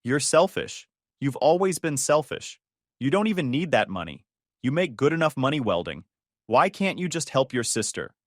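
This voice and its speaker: A man's voice: medium pitch, sing-song, moderate pace, dry recording, clean studio sound. A man voicing a desperate adult sister who pleads and accuses in a raised voice. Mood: angry. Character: desperate angry adult sister, self-pitying.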